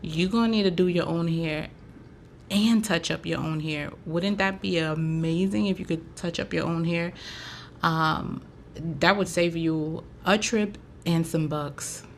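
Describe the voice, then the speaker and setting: A podcast host and braider from Haiti chats freely on her casual show, her talk loose and full of filler words. Her voice is lowish and gravelly, with a little hiss or hum in the recording.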